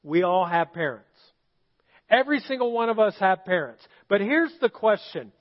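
With a high, very animated voice at normal speed, a middle-aged pastor weaves stories into his sermon and quizzes the congregation in a church auditorium. The audio sounds dull.

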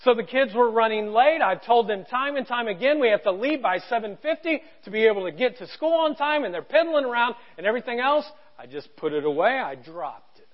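A male pastor giving a conversational, animated church sermon and acting out quotes. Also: extremely high pitch, muffled recording.

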